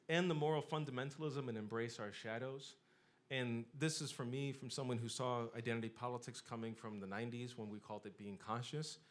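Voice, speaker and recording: A middle-aged man giving an impassioned public lecture, building rhetorical lists with emphatic rises. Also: medium pitch. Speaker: speaker giving a talk.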